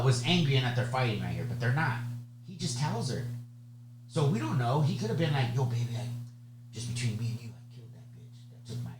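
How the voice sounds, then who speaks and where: Guy tutoring for the bar exam, casual and chatty, keeps asking "okay?", roomy echo with a hum behind him. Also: on the high side. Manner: chatty, checks in with "okay?" and "right?". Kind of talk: conversational exam lecture. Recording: echoey room with steady hum.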